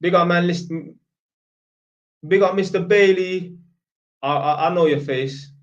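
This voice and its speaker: A man from Northampton, England, answers viewer questions on a livestream, talking bluntly and casually in heavy slang and swearing freely. His voice is high and his pace measured, and the sound is lo-fi.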